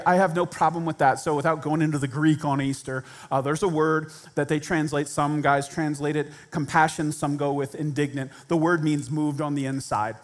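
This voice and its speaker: Man preaching in church, lively and theatrical, voices the people in his stories. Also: on the high side. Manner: animated, acts out quoted voices. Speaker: pastor. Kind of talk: sermon. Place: church sanctuary.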